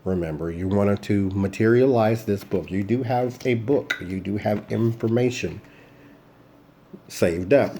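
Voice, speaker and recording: A blunt man gives a casual tarot reading, speaking straight at someone who is not in the room. His voice sits on the low side and sounds mellow and relaxed rather than sharp. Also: measured pace, long pauses. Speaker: tarot reader.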